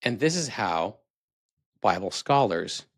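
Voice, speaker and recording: Man hosting, sarcastic and critical, lowish voice, dry sound. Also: sing-song, slow pace, dry recording. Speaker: video host. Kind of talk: casual commentary.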